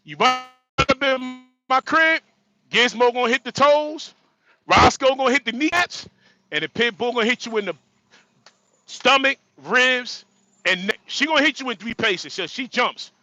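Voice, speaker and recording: High bright joking trucker man. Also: lively intonation, normal speed, low-quality recording. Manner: joking, repetitive, frequent laughter. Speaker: livestream host; truck driver. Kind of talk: casual livestream talk.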